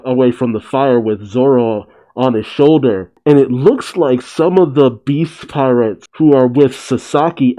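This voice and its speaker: A man's voice: medium pitch, mellow, low-quality recording. A man casually recapping a comic chapter, chatty, laughing often and correcting himself. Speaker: manga reaction host.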